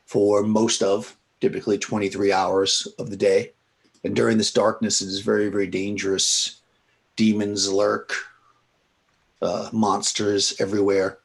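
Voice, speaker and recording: A man narrating a tabletop role-playing game as game master, unhurried and stopping often with fillers and self-corrections. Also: lowish voice, vocal fry, breathy edge.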